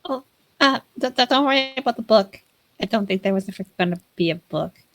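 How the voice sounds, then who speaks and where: A woman's voice: a little high, lively intonation, fairly quick, a bit bright. A woman voicing a kind, fretful woman at a magic school who stammers and repeats her words. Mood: concerned. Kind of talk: tabletop role-play.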